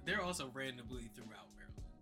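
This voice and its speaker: A man's voice: medium pitch, lively intonation, fast, over music. A man co-hosting a casual comedy podcast, laughing often and swearing freely. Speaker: podcast co-host.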